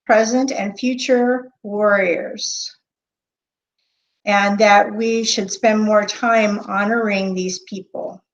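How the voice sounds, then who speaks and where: Slow, hesitant woman on a lo-fi stream. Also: mid-range voice, gravelly. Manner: hesitant, with frequent pauses and fillers; greets chat viewers by name. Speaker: medium hosting a live stream. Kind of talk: unscripted live-stream talk. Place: indoor room. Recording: dull lo-fi webcam audio.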